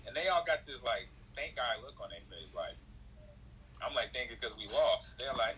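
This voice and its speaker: A man in his forties with a middle-pitched voice tells stories in relaxed chat. He keeps a conversational pace and jumps up in pitch whenever he quotes someone. A faint noise sits under the recording. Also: normal speed, rough recording. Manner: animated storyteller, acts out quotes in a raised voice. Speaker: former football player, guest. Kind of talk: casual storytelling chat.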